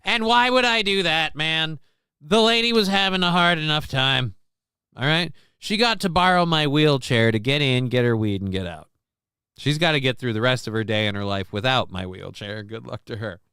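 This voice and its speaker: A man's voice: mid-range voice, normal speed, bright, forceful tone, clean tone, no room sound. A middle-aged man hosting a casual live stream from his desk at home, rambling through a story, swearing freely, reading viewers' messages aloud and acting out quotes in a livelier voice. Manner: quotes himself and others in livelier raised voice. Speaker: livestream host.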